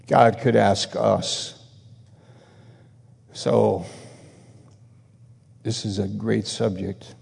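A man's voice: on the low side, steady tone, extremely slow, creaky, pauses often, a little mellow, husky, in a large hall. A man preaching a sermon, emphatic and repetitive, pressing his rebukes with growing intensity.

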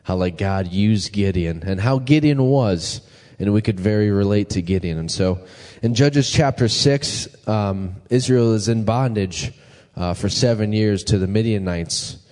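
Guy preaching laid back in a church hall, kinda low and warm, big reverb. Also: unhurried. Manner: conversational, asks the congregation questions. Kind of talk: casual sermon.

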